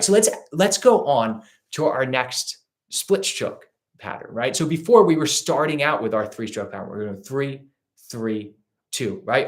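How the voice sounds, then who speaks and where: A man teaching a ukulele lesson, patiently counting beats and calling out strum directions. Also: medium pitch. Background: ukulele playing.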